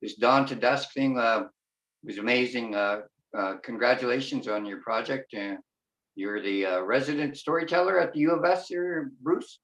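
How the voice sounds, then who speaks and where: A man's voice: medium pitch, moderate pace, fairly bright tone, roomy sound, recorded from a distance, low-quality recording. A man singing a playful folk song with a repeating chorus while playing ukulele, then chatting casually as a guest. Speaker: guest singer-songwriter.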